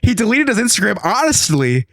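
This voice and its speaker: A man's voice: high-pitched, very animated, fairly quick, a bit bright, dry recording, clean studio sound. A man in his thirties hosting a podcast, telling an exasperated story in casual chat and acting out quotes. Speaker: podcast host.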